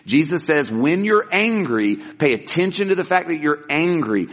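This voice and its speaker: Animated male preacher in a reverberant hall. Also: mid-range voice. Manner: earnest, emphatic preaching with rhetorical questions. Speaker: pastor. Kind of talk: sermon.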